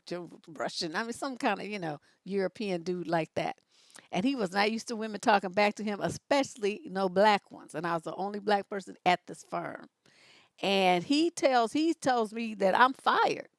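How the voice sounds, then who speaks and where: Middle-aged woman, advice host, sassy storyteller, animated pitch, dry sound. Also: normal speed, no room sound. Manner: lively, sassy storyteller, big pitch jumps when quoting herself. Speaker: relationship coach and advice host. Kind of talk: casual storytelling on a livestream.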